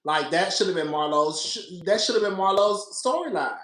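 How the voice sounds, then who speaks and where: A man's slightly bright, high voice carries lively intonation at a moderate pace as he hosts a podcast of casual reality TV commentary in an echoey room. Sassy and laughing a lot, he repeats himself and keeps calling listeners "girl."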